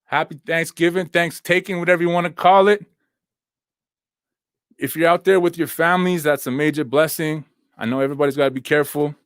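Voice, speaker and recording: A man's voice: a little high, fairly even intonation, a little fast, smooth, no room sound, studio quality. A young man hosting a casual livestream, talking in a laid-back, slangy way with lots of fillers, seated at home while he heals. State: recovering from injuries, sitting down. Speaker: host. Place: at home, seated with laptop and phone.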